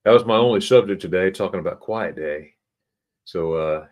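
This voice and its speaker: A middle-aged man hosting a casual livestream, reading chat comments aloud in a halting way, often repeating words and chuckling. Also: low voice, darkish tone. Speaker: livestream host.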